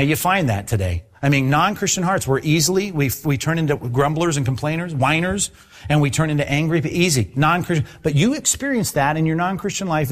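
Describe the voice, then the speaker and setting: Guy preaching, talks like he's chatting, lots of swoops in pitch, slightly high voice. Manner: animated, conversational preaching with acted-out voices. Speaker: pastor. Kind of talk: sermon.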